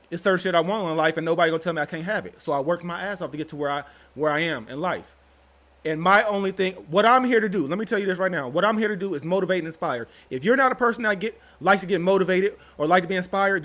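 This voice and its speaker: A man's voice: high-pitched, a bit bright. A young man hosting his own channel, talking straight to his viewers in a slangy, rambling, casual way. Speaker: channel host. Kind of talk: casual vlog commentary.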